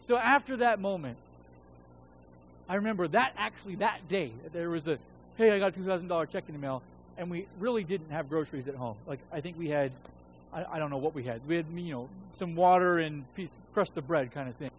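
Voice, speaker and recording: A man's voice: a little high, fairly quick, slight background noise, poor audio. A man in his thirties preaching a sermon as a pastor, telling a personal story in a casual, conversational way and acting out quoted voices. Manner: conversational storytelling, acts out his own voice and God's.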